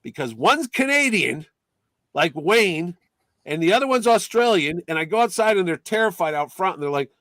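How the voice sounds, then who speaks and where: Podcast host, male, high-pitched, dry close mic, animated raconteur. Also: normal speed, no room sound. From Connecticut. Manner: animated, acts out quotes in put-on voices. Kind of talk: casual storytelling chat.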